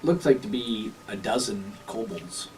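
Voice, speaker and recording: A man's voice: lowish voice, a little slow, distant mic, noisy background. Hesitant man narrating as game master. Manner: hesitant, many fillers and restarts. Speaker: dungeon master.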